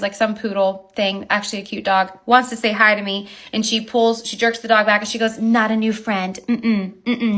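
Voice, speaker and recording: A woman who owns a wedding venue, telling an animated, indignant account of a dispute with her neighbors. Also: fairly high pitch. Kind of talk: recounting a neighbor dispute to camera.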